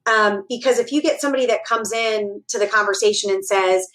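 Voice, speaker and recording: A woman's voice: medium pitch, fairly quick, few pauses, fairly bright tone. A woman recruiter speaks as a podcast guest, with a mid-range voice. She explains her advice thoughtfully, using examples and a few fillers. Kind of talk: casual interview chat.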